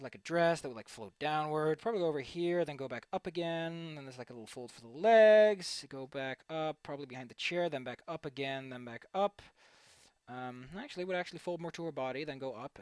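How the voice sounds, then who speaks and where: A young man chatters goofily while he draws, bouncing his voice up and down with lively swings. His tone is bright and a little sharp. The sound is dry and close, with no room around it. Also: on the high side, no room sound. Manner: goofy, rambling, playful repetition. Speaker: streamer. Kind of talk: casual commentary while drawing.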